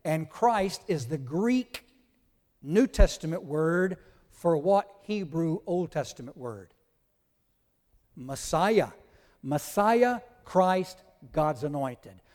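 Slow, emphatic preacher in a reverberant hall. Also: male voice, fairly high pitch, expressive, darkish tone. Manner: emphatic teaching, spells out Greek words. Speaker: pastor. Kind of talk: sermon.

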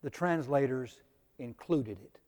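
A man's voice: mid-range voice, lively intonation, measured pace, darkish tone, in a large hall. A man preaching a Bible lesson to a congregation, emphatic and direct, repeating his key points. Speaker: preacher teaching a Bible class. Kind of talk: sermon-style Bible lesson.

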